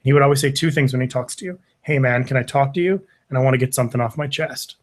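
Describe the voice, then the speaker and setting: A podcast guest, male, spins a story in relaxed conversation, talking at a quick pace with a medium-pitched voice. Animated throughout, he imitates the voices of people he quotes and curses often.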